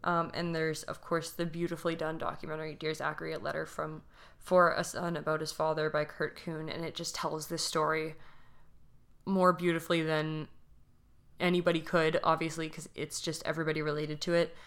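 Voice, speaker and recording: Young female podcast co-host, low-ish voice, emotional storyteller who trails off mid-sentence. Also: little pitch movement, brisk, a bit bright. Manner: emotional, restless retelling with many fillers and trailing-off phrases. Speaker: podcast co-host telling a true crime case. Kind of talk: casual podcast chat.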